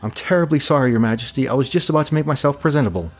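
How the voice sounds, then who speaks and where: A man's voice: mid-range voice, very fast, voice pushed up, close to an everyday voice. An earnest young heroine from a storybook, polite and dutiful, her voice raised well above his own, as a male narrator puts her on. Faint music sits behind the reading.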